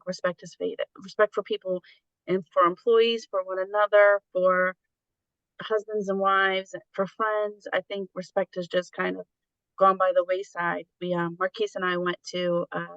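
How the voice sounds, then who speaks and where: A woman's voice: lowish voice, a bit bright, no echo, dull audio. A woman guest in a casual conversation, telling stories about her family and laughing easily.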